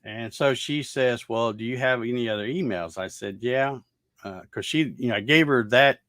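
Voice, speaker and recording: A man's voice: medium pitch, normal speed, fairly bright tone, dry recording, studio quality. A man, casually telling a long story over his morning coffee, rambling with lots of fillers and restarts. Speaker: host.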